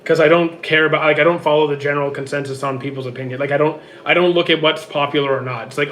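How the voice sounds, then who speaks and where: A man with a hoarse, worn-out voice reads out viewer questions and answers them offhand in casual livestream chat from home. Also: fairly high pitch, steady tone, fast, hardly any pauses, fairly bright tone, slight background noise. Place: home with roommates.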